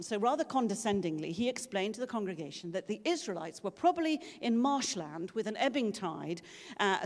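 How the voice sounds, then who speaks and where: In a church, a woman preaches a sermon, telling stories conversationally and acting out the voices she quotes. Her voice is medium in pitch with a somewhat dark tone. A long reverb from the large room fills the recording.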